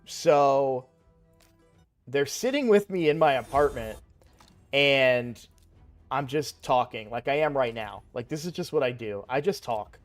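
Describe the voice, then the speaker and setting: A man's voice: medium pitch, animated, measured pace, faint music behind. A young man casually telling a personal story while playing a game, rambling with lots of fillers and restarts. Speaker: gaming streamer.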